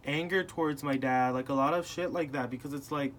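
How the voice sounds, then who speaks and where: A young man speaks in a slightly high-pitched voice, talking casually and animatedly. He retells a family argument by acting out each person's lines. A faint hiss of noise sits under the recording. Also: brisk. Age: young adult. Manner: animated, acting out family members in retold dialogue. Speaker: podcast host.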